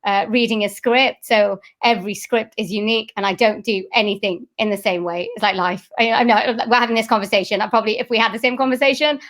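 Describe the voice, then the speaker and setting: A woman's voice: on the high side, fairly even intonation, fast talker, few pauses, fairly bright tone. A middle-aged woman, a voice-over artist and singer, chatting in an interview with many fillers and restarts. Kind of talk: casual interview chat.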